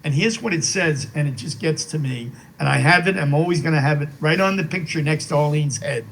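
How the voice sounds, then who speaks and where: An older man speaking as an interview guest, remembering his late wife with emotion, halting over fillers and restarts. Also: fairly high pitch, vocal fry, fairly bright tone, poor audio. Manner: slow and reverent while reading a poem aloud.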